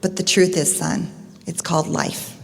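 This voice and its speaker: A woman doing a gentle, caring father. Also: fairly low pitch, level tone, moderate pace, vocal fry, voice pushed down. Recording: echoey hall.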